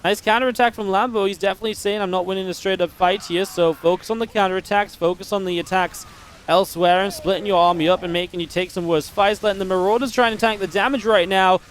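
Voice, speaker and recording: A man giving live play-by-play commentary on a strategy game match, chatty and upbeat with quick reactions. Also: sits high, fairly even intonation, a little hiss or hum. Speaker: esports caster.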